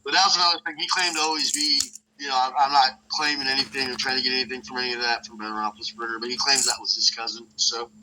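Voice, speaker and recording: A man's voice: steady tone, fast talker, few pauses, noisy background. A man hosting a podcast, telling a rambling, profane story from northern Michigan in a loose, casual way. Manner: rambling, profane, acts out voices with big jumps in pitch. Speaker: podcast host.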